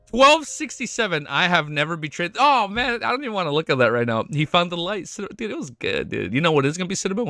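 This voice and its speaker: Excitable young streamer guy, lively pitch. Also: no echo. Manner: excitable, swearing, trips over words, laughs often. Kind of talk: casual livestream chat.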